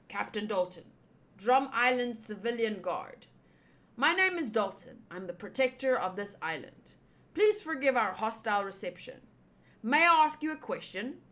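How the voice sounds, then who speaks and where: A woman's voice: a little high, fairly bright tone. A woman voicing a dutiful male guard captain while reading a comic aloud, in an earnest, formal manner.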